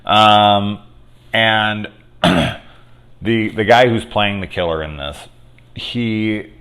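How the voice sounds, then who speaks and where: A man's voice: lowish voice, extremely slow, fairly bright tone. A man casually reviewing a movie with spoilers, rambling and swearing, with lots of ums and restarts. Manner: rambling, profane, many fillers.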